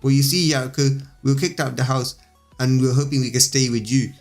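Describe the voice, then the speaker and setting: A man's voice: medium pitch, steady tone, fairly quick, soft background music, close to an everyday voice. A man reading the lines of a bold, protective young boy hero, defiant and blunt.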